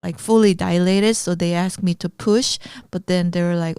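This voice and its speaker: Smooth low-voiced woman on a podcast. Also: steady tone, normal speed, dark tone, dry recording, clean studio sound. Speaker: podcast co-host. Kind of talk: casual chat.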